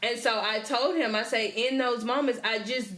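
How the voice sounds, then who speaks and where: A woman in her thirties co-hosting a podcast, talking in a candid, storytelling way and slipping into acted-out quotes. Her voice is slightly high and strikingly bright. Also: normal speed. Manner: candid storytelling, laughs often, acts out quotes. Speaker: podcast co-host. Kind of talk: casual chat.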